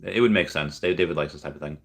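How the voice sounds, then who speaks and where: Deep-voiced man reading live chat. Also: quick pace, gravelly. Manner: chatty, hesitant, repeats words while thinking. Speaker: livestream host. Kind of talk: casual live chat, reading viewer comments.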